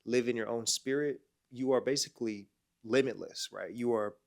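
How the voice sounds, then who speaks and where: A man in his twenties, a clothing brand owner with a blocked, nasal voice, gives a casual motivational talk full of slang, and his loudness rises and falls from phrase to phrase. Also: mid-range voice, moderate pace, creaky, slight background noise. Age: 20s. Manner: slangy and emphatic, often saying bro and man. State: congested, nasal voice.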